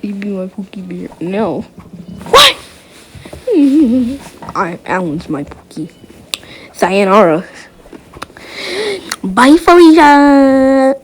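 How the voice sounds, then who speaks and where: A woman's voice: medium pitch, sing-song, slow pace, pauses often, a bit bright, slight background noise. A woman improvising a playful fan dub over an animation, switching between silly character voices and whispered asides.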